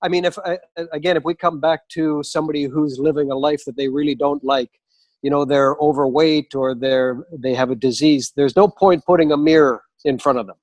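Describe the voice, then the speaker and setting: A man with a slightly high voice talks earnestly and persuasively as a life coach. He is a guest in a casual live interview. The sound is dry and close, with no room echo. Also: fairly even intonation, brisk, a little mellow.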